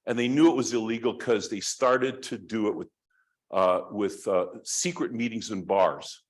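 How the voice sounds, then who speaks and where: A man's voice: fairly low pitch, moderate pace. A man giving a university lecture, telling a story in a rambling, conversational way with many restarts.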